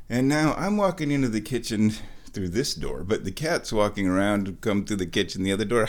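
A man hosting a casual vlog, talking slowly and playfully, now and then slipping into high baby talk, a bit stuffy from sinus trouble. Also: expressive. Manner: slow, drawling and playful, with high baby talk to his cat. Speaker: vlog host.

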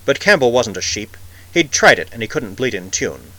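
A man narrating a science-fiction story in a measured, expressive reading. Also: mid-range voice, rough recording. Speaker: audiobook narrator.

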